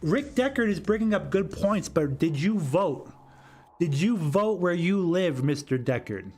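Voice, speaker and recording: High-voiced argumentative man ranting on a livestream. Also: expressive, unhurried, darkish tone, faint music behind. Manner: argumentative and rambling, repeats phrases. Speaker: political commentary host. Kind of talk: solo livestream commentary answering chat.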